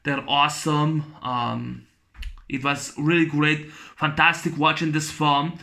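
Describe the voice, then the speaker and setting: Guy gushing over a movie he loves, higher bright voice, lots of um and you know. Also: flat delivery, slow, vocal fry. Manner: rambling and enthusiastic, many fillers and restarts. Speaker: movie reviewer. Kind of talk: casual spoken film review.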